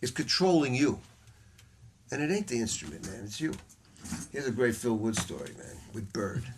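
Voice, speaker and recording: Teaching a saxophone masterclass to students in a music store, a man tells blunt stories and swears freely. His medium-pitched voice is creaky and sing-song at a normal speed, and background noise runs underneath.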